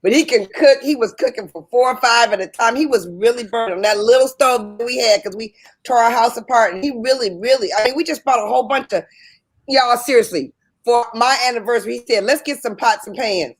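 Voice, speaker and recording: A woman's voice: fairly high pitch, a little fast. A woman co-hosting a radio talk show, chatty and emphatic, repeating herself for effect. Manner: chatty, emphatic storytelling with repetition. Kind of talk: casual chat.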